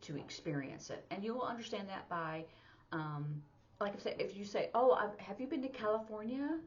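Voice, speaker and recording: Chatty woman teacher, low voice. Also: highs cut off. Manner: chatty, explains each sign step by step with fillers. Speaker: sign language teacher. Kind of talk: casual instructional lesson.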